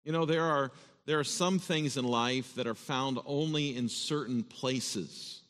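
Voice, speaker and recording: A man's voice: medium pitch, measured pace, a bit bright. A man as pastor reading scripture and preaching an earnest sermon, often repeating words as he stresses a point. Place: church sanctuary. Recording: long reverb of a church hall.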